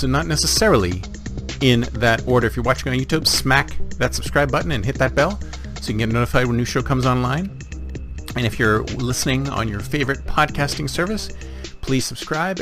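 A man hosting a podcast monologue, speaking emphatically and repeating phrases for effect. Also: medium pitch. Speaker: podcast host.

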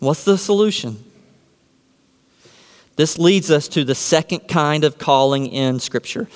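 A man's voice: a little high, a little slow, smooth, big-room sound. A man preaching a sermon from the pulpit, posing rhetorical questions and answering them with emphasis. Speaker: pastor.

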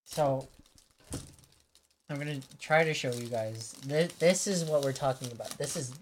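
A man's voice: mid-range voice, normal speed, a little hiss or hum. A young man co-hosting a casual podcast, laughing and reading out party-game prompts during a spicy food challenge. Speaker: podcast co-host. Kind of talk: casual chat.

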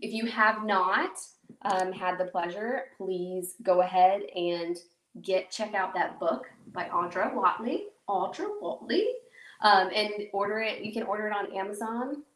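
A woman's voice: medium pitch, steady tone, a little slow, fairly bright tone, recorded from a distance. Woman podcast host, casual and rambling, jokes at herself, echoey room, off-mic. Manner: rambling, chatty, self-mocking, many fillers. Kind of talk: casual solo podcast talk.

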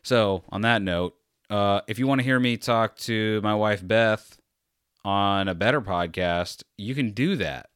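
A man talks alone into a close microphone for his podcast, tired and meandering, with dry, sarcastic, self-deprecating humor. His voice sits on the low side and sounds smooth and resonant. The recording is dry, with no room sound. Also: measured pace, a bit bright, no room sound. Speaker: podcast host. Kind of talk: rambling solo podcast talk.

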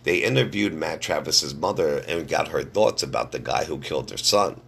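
A hoarse middle-aged man with a gravelly, husky voice, hosting a casual wrestling news podcast in a blunt, profane way. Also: rumbling low, expressive, moderate pace, a bit bright. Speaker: podcast host.

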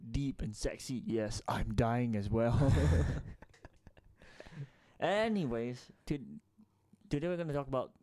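A man's voice: mid-range voice, lively intonation, slow pace, pauses often, a little mellow, clean tone. A man co-hosting a casual podcast, joking around and laughing often with his co-hosts. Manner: joking, laughs a lot, playful banter. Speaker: podcast co-host.

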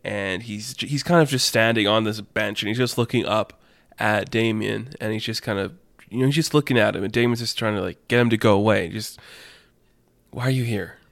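A man's voice: lowish voice, a little fast, creaky, fairly bright tone, no echo, clean studio sound. A man telling an improvised story in a rambling, filler-heavy way, laughing at his own jokes.

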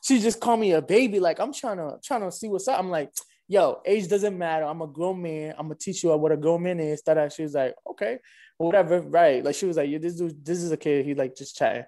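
Fast-talking high-voiced young man with New slang. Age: 20s. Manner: animated, slangy, acts out both sides of the story. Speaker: guest telling a dating story. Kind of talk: casual storytelling.

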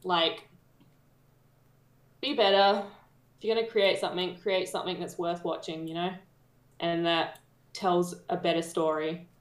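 A woman's voice: on the low side, steady tone, measured pace, long pauses, reverberant. A woman with an Australian accent co-hosting a podcast, ranting bluntly and swearing freely in casual chat. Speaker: podcast co-host.

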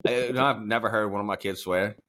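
A man's voice: lowish voice, fast talker, a bit bright. A middle-aged man hosting a podcast, chatting casually, swearing freely and laughing as he tells stories. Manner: profane, laughing, storytelling. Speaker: podcast host. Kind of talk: casual chat.

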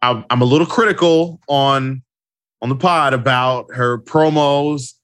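A man's voice: mid-range voice, steady tone, unhurried, a bit bright. A man with a mid-range voice talks on a casual podcast. He is emphatic and agreeable, and he repeats lines to drive a point home. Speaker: podcast co-host. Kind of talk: casual wrestling podcast chat.

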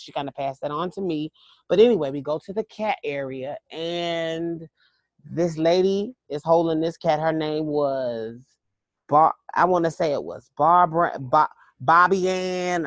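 A woman's voice: deep voice, no room sound. A woman casually telling a long personal story to listeners in a chatty, emphatic way with frequent restarts.

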